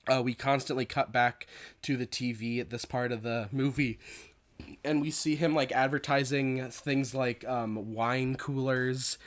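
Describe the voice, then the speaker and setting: A man's voice: mid-range voice, little pitch movement, measured pace. A man casually recapping a film's plot, rambling with lots of fillers and restarts.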